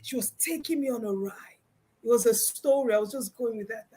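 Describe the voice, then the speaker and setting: A woman guest on a video-call talk show, telling a story with lively, expressive delivery and acting out the lines of people she quotes. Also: a little high, brisk, breathy edge. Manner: expressive, acts out quoted dialogue. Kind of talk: animated storytelling chat.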